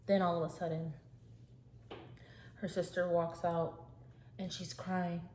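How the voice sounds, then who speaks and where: A woman's voice: on the low side, level tone, slow, long pauses, a little mellow. A woman vlogger narrating a storytime while she eats, in a casual, chatty way with fillers. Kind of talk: storytime while eating on camera. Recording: echoey room, faint hiss.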